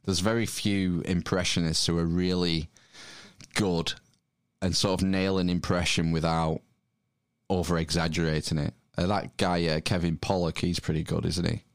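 A man's voice: low voice, flat delivery, normal speed, no echo, studio quality. A man with a Northern English accent chatting casually on a podcast, hesitant with plenty of ums and restarts. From Northern England. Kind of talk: casual chat.

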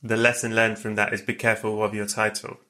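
Bright low-voiced host. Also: male voice, flat delivery. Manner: quick, jokey and enthusiastic, swears casually. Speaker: podcast host. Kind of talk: casual interview chat.

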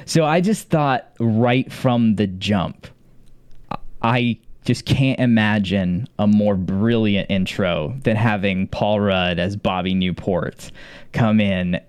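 A man co-hosting a casual rewatch podcast, enthusiastic and quick to laugh, with frequent fillers and restarts. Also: on the low side, clean tone, no echo. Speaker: podcast co-host.

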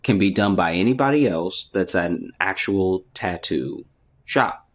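A man's voice: low-pitched, lively intonation, unhurried. A man co-hosting a podcast in casual chat, laid-back and playful, often murmuring along as the other host talks.

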